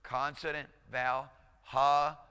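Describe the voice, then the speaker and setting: A male instructor lecturing a class, encouraging and conversational, drilling pronunciation slowly, syllable by syllable. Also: medium pitch, flat delivery, bright, forceful tone, clear, resonant tone. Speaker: Hebrew instructor. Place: lecture hall. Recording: lecture hall reverb.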